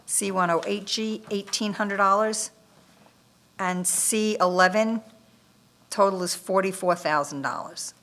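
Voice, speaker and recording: A woman reading bid amounts aloud at a town bid opening, listing item codes and dollar figures in a steady, methodical way. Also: mid-range voice, measured pace. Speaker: municipal official reading bids. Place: town government meeting room.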